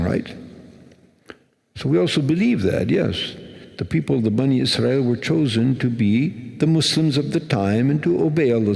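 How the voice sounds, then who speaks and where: A man's voice: medium pitch, vocal fry, a little mellow. A male Islamic preacher giving a sermon in a conversational way, asking his listeners questions. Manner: conversational, asks the audience questions. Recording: long hall reverb.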